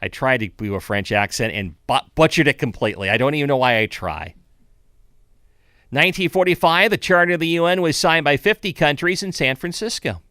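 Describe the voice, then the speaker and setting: A man's voice: fairly high pitch, animated, brisk, sharp tone, no room sound, clean studio sound. An older man hosting a morning radio show, reading the day's history with chatty, conversational asides. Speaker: radio host. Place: radio studio.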